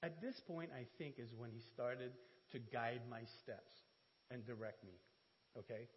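A man giving an animated sermon testimony in church, telling stories with laughs and self-deprecating asides. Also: mid-range voice, unhurried. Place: church hall. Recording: dull church hall audio with reverb.

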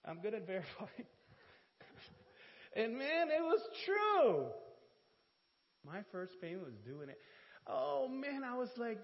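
Man, church testimony, high lively voice, big pitch swings, dull hall audio, long reverb. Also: measured pace, long pauses. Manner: animated storyteller, laughs often, self-deprecating asides. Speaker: church speaker giving testimony. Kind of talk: sermon testimony.

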